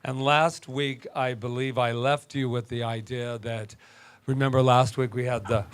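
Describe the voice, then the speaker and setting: Animated man preaching a sermon. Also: mid-range voice. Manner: animated, conversational preaching with laughter. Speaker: minister. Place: church sanctuary.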